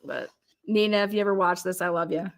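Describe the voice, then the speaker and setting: Speaking fast in a lowish, steady voice, a middle-aged woman delivers a casual monologue about a criminal case. She swears, sounds exasperated, and performs the voices of people she quotes as she tells her stories.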